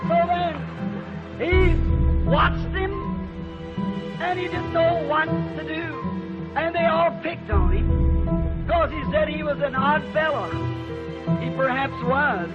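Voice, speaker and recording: A man's voice: very high voice, unhurried, highs cut off, over loud music. A male preacher telling a folksy story in a sermon, plain-spoken, in a church. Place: church building.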